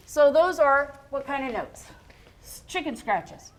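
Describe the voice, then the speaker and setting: Chatty woman music teacher, slightly high voice. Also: expressive, a little slow. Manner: chatty and encouraging, hums rhythms. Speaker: music educator. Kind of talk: explaining music to a child on air. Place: TV studio.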